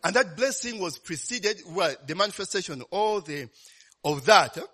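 Man, preaching, bright tone, lively pitch swings, chatty and animated. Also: moderate pace. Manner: conversational, keeps asking "eh?" and "you know"; animated, laughs often. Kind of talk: sermon.

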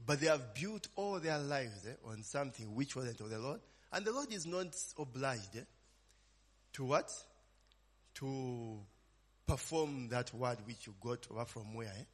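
A man's voice: medium pitch, expressive, measured pace. A man preaching an informal sermon, conversational, tagging his lines with "eh?" and "amen?" and asking the congregation questions. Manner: conversational, frequent "eh?" and "amen?" tags, call-and-response questions. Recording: long reverb.

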